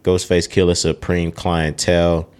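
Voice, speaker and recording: Deep-voiced man ranking albums. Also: monotone, a little slow, darkish tone. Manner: opinionated, swears freely, runs down a list. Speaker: podcast co-host. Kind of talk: casual chat.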